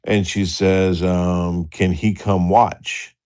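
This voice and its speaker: A man's voice: sits low, level tone, slow, a little mellow. A middle-aged man telling a crude personal story in a rambling way, often laughing and acting out the dialogue. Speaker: storyteller on a livestream talk show. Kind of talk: casual storytelling.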